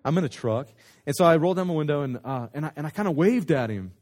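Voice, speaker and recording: A man telling a story in a sermon as a pastor, animated and conversational, often restarting his sentences. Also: fairly high pitch, quick pace.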